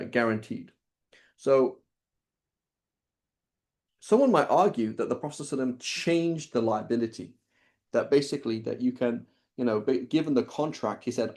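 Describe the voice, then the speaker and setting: A man gives a relaxed lesson on Islamic law at a middle pitch. He talks in a chatty, conversational way, keeps checking in with listeners, and acts out short exchanges to illustrate each rule. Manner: conversational, illustrates points with quoted dialogue and rhetorical "right?". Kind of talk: casual lecture with anecdotes.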